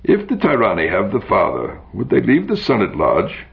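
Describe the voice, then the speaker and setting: A man's voice: fairly low pitch, wildly swooping pitch, moderate pace, vocal fry, voice pushed up, exaggerated voice. A man reading aloud, voicing a cool, refined male dandy who speaks in a precise, insistent way. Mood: urgent. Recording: dull lo-fi recording.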